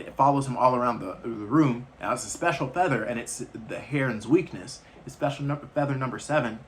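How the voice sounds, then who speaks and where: A man's voice: mid-range voice, a bit bright, slight background noise. Casual man rambling through a movie recap. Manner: loose, rambling retelling with slangy asides. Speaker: movie reviewer.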